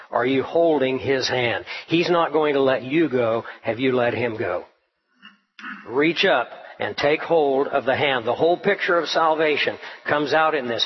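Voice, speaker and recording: A man preaching an expository Bible sermon in a steady teaching voice, clearing his throat now and then. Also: fairly high pitch. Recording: dull lo-fi recording.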